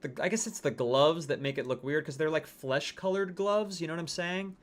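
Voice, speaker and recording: A man's voice: on the high side, brisk. Chatty man streaming games. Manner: chatty, reacting to game skins and chat. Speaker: livestream host. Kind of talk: casual chat reading viewer comments.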